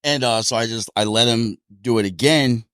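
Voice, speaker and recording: A man's voice: mid-range voice, normal speed, no room sound, studio quality. A man co-hosting a casual talk show, telling sparring stories with frequent laughter. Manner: laughing storyteller, animated. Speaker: podcast co-host, boxer. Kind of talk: casual chat.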